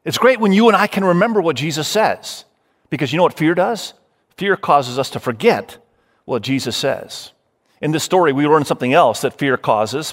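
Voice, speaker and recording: A man's voice: a little high, fairly bright tone. A man preaching a sermon as pastor, emphatic, running through lists and speaking straight to his listeners. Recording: long hall reverb.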